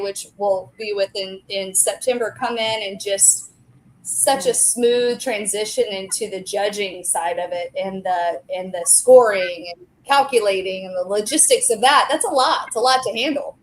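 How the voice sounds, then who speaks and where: A woman's voice: medium pitch, fairly even intonation, normal speed, a little hiss or hum, low-quality recording. A woman in her forties, a restaurant co-owner and guest, chatting in a talkative, enthusiastic way. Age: 40s. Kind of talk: casual chat.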